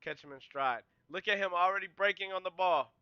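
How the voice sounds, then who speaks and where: A man hosting a podcast, casually breaking down game film and walking through each play in a relaxed, conversational way. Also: high-pitched, a little fast, clear, resonant tone, no echo, muffled recording. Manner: excitable, yells and cheers at big plays; explains plays in a relaxed, conversational way.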